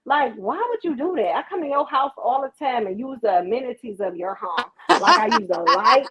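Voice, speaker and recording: A woman's voice: a little high, expressive, brisk, a loud crowd. A woman co-hosting a casual chat, talking bluntly and swearing freely. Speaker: podcast co-host. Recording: muffled lo-fi sound.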